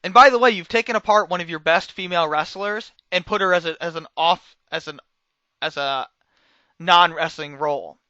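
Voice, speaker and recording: A young man reviews a wrestling show in a casual, sarcastic way, swinging between loud outbursts and quiet mutters. His voice is on the high side at a moderate pace, in a dry recording with the highs cut off.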